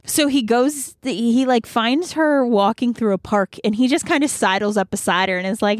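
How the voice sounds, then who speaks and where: A woman's voice: a little high, normal speed, few pauses, no room sound, studio quality. A young woman co-hosting a casual book podcast, chatty and amused, full of fillers. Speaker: podcast co-host.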